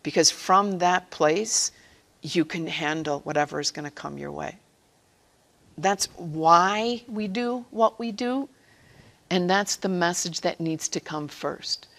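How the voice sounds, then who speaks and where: A woman's voice: lowish voice, slow pace, gravelly, fairly bright tone. A woman giving a personal faith-sharing talk to catechists, earnest and conversational, acting out quotes as she goes. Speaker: speaker at a catechist training session.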